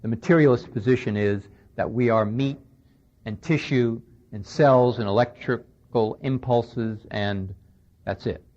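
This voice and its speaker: A man's voice: mid-range voice, unhurried, a little mellow. A man giving a conversational lecture, recounting a conversation and speaking with emphasis, on an old radio recording. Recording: dull lo-fi 1990s radio recording.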